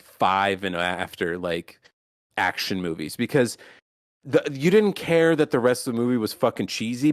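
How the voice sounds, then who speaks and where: A man's voice: medium pitch, dry recording, studio quality. A man hosting a podcast in casual chat, rambling and swearing, with many restarts. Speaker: podcast host.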